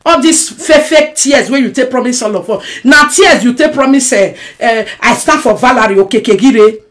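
A Nigerian woman ranting on a live stream. She swings between shouting and muttering, mixing Pidgin and English. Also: fairly high pitch, moderate pace. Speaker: social media personality. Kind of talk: emotional live-stream rant.

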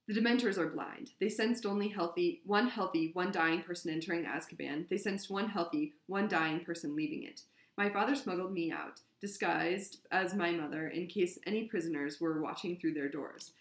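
Woman reading as a flat, drugged young man. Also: fairly low pitch, normal speed, close to an everyday voice. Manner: flat, expressionless. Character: drugged young man confessing, hollow and numb. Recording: roomy echo.

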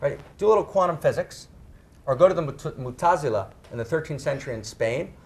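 Middle-aged man lecturing a live audience, lively pitch, emphatic, drawn-out stressed words. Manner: emphatic, tags phrases with "right?", slows down to stress words. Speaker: speaker on spirituality and sexuality. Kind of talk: animated talk to a live audience.

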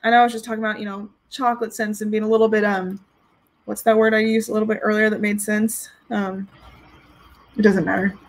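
A woman's voice: mid-range voice, little pitch movement, fairly quick, poor audio. A woman chatting casually on a live stream as she reviews fragrances, giggling and reading out viewer comments. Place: home with dogs.

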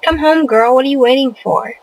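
A woman's voice: high-pitched, a little fast, a little mellow, slight background noise, poor audio. A young woman hosting a casual let's play, commenting on her game, often exasperated and cursing at the characters she controls. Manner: exasperated, swears a lot, scolds the game characters. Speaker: gaming channel host.

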